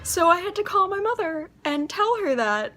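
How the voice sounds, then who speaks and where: A woman's voice: very high voice, sing-song, normal speed, bright, forceful tone, faint music behind. A young woman casually telling a personal story about herself, self-mocking and rambling, laughing often. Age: young adult.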